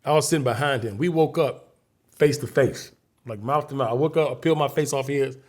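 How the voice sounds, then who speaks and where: A man's voice: mid-range voice, brisk. A man from Chicago, a guest comedian, telling a story in a casual interview, acting out scenes and voices vividly.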